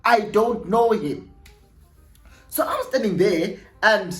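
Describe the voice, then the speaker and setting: A young South African man with a South African accent, telling a story casually in an animated way and slipping in isiXhosa phrases. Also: high voice, slow pace, long pauses, roomy sound, faint music behind. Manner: animated, laughing, mixes isiXhosa phrases into his talk. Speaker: vlogger.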